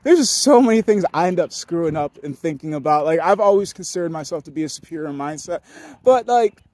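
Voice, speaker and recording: A man's voice: on the high side, lively intonation, a little fast, a little mellow, no echo. A young man rambling through a casual podcast monologue, profane and often laughing. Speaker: podcast host.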